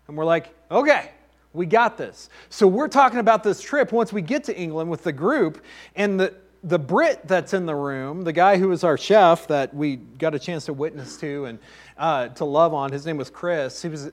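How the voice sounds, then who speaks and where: Male pastor, higher-pitched voice, chatty storytelling sermon. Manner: conversational, anecdotal preaching with asides to the congregation.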